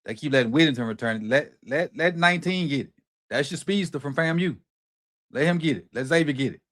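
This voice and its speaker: A middle-aged man hosting a watch party, calling plays live with excited, slangy reactions. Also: fairly high pitch, brisk. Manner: excited, animated play-by-play reactions with Southern slang. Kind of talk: live football watch-along commentary.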